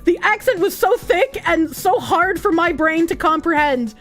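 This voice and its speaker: A young woman streaming, chatting casually and reading out viewer messages, animated and profane, with bursts of giggling. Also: moderate pace, soft background music. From United States. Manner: animated, giggly, profane, with squealing high laughs.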